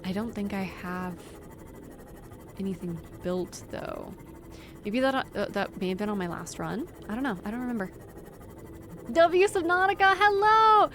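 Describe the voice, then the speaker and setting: A woman's voice: medium pitch, expressive, moderate pace, long pauses, background noise. A young woman streaming a game from home, chatting and giggling with her viewers and her dog into a desk microphone. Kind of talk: casual live-stream chat. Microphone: desk microphone on a squeaky stand.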